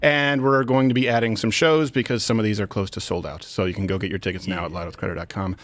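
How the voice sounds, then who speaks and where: A man's voice: on the low side, steady tone, quick pace, no echo. A man hosting a comedic political talk show, bantering loosely with many fillers, in a studio with headphones. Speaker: host. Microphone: studio headphones and mic.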